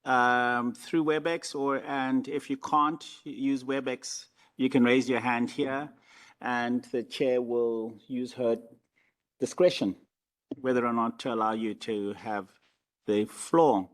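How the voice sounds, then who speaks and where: A man giving procedural announcements at the opening of a formal meeting, measured and instructive, with some fillers. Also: medium pitch, steady tone.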